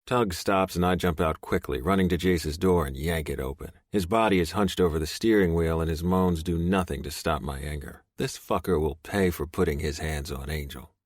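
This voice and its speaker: A man narrating a romance audiobook in first person, gruff, profane and intense. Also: deep voice, moderate pace, hardly any pauses, dry recording, studio quality.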